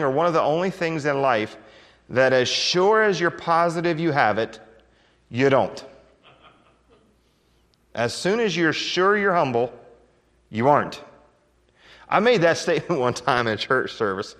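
A man's voice: medium pitch, fairly bright tone. Man preaching in a reverberant hall. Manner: folksy storytelling with chuckles and emphatic swings. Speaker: pastor. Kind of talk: sermon.

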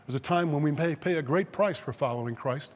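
A man's voice: fairly high pitch, a little fast, long reverb tail. A man preaching a sermon, reading scripture and rising to emphatic peaks. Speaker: pastor.

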